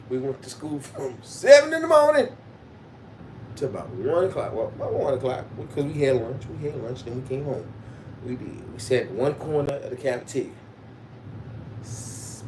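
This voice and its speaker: A man telling profane school stories on a livestream, swearing freely and breaking into loud laughter. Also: medium pitch. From Baltimore, Maryland. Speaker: livestream host. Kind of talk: profane storytelling monologue. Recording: distant mic with background noise.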